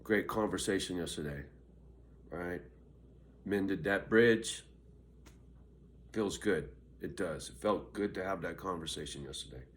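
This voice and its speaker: An older man vlogging, cursing constantly in a riled-up, confrontational rant. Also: low-pitched. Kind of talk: angry ranting vlog.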